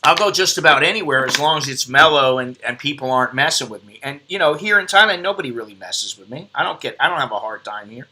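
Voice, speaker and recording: A man's voice: mid-range voice, lively intonation, fast talker, hardly any pauses, sharp tone. A middle-aged American man hosting a casual live stream from his computer, rambling and joking at himself. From United States. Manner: rambling, self-deprecating, joking. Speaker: host.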